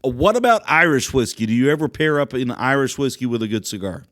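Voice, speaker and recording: A man's voice: mid-range voice, animated, fairly quick, fairly bright tone, dry recording. A man hosting a podcast, asking friendly questions in a casual chat. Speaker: podcast host.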